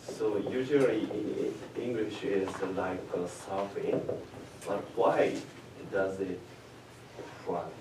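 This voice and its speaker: Low-voiced man student, halting English. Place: classroom. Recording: echoey noisy classroom from far off.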